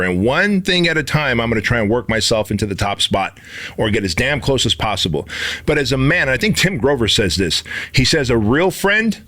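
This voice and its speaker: A middle-aged man on a podcast coaches his listeners directly in a steady, plain voice of middling pitch. He explains his points step by step and keeps an encouraging, matter-of-fact tone. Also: a little fast. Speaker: podcast co-host. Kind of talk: motivational podcast talk.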